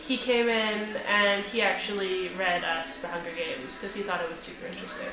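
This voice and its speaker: A young woman from Canada chatting casually while gaming, wry and quick to laugh. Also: mid-range voice, little pitch movement. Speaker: co-host. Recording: echoey room. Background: game music.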